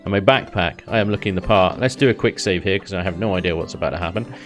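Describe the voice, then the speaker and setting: A man's voice: low voice, fast talker, music in the background. Chatty joking man. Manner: chatty, joking, laughs often. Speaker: gaming YouTuber. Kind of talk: casual game commentary.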